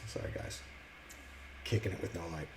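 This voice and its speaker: A man casually sharing a personal faith testimony, earnest and reflective, often pausing and restarting his words. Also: noisy background. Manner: halting, with many restarts and fillers.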